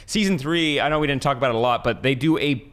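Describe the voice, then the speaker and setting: A man's voice: mid-range voice, fast talker, fairly bright tone. Chatty man gushing about shows. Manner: enthusiastic, rambling with fillers. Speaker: show co-host. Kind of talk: casual chat.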